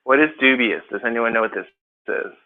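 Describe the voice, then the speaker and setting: Brief: male test-prep tutor, lively, quizzes students, mid-pitched voice, phone-like sound. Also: a little fast. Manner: animated, questions students, acts out examples. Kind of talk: classroom teaching. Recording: phone-like narrow audio.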